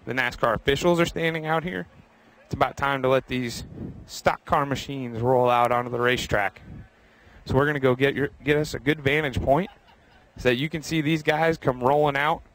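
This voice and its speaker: A man's voice: mid-range voice, fairly even intonation, moderate pace, a bit bright, slight background noise, poor audio. A young man hosting a live walking tour of a racetrack garage, chatty and upbeat, speaking to viewers by name while he walks outdoors. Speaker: host.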